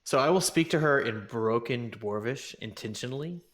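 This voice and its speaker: A man's voice: mid-range voice, expressive, moderate pace, a bit bright. A man playing a tabletop game, speaking hesitantly and slipping into a formal in-character voice. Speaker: player. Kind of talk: tabletop role-play, partly in character.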